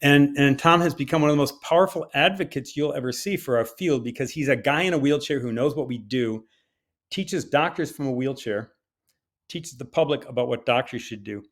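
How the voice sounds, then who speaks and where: Older man telling a lively story. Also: medium pitch, brisk. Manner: animated, conversational storyteller; hesitant with fillers at times. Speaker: physician giving a conference talk. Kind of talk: personal storytelling talk.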